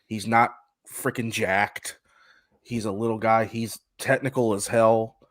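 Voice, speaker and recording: A man's voice: fairly low pitch, steady tone, measured pace, no room sound. Male co-host, casual chat, rambles and restarts, dry close sound. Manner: rambling, hesitant, many restarts. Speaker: podcast co-host.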